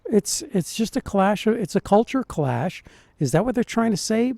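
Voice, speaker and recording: High-voiced dialect coach, puzzled. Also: male voice, moderate pace, gravelly. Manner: animated, puzzled, thinking aloud. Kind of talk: reaction commentary.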